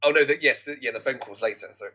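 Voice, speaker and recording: A man's voice: medium pitch, sharp tone. A man co-hosting a podcast, chatting casually about a film and eagerly acting out its lines. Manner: eager, quick, quotes lines with swearing. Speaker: podcast co-host. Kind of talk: casual film review chat. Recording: dull lo-fi mic.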